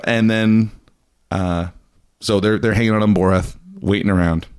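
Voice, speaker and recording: Man, podcast host, low voice, casual storytelling, jokey put-on quotes. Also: little pitch movement, moderate pace, smooth. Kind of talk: casual chat.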